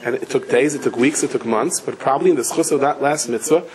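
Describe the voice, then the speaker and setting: Rabbi spinning a story, acts out all the voices, mixed in. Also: male voice, medium pitch, fast talker, slight background noise, poor audio. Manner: animated storyteller, acts out quoted voices, cries out at climaxes. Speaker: rabbi giving a Torah class. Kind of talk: storytelling lecture.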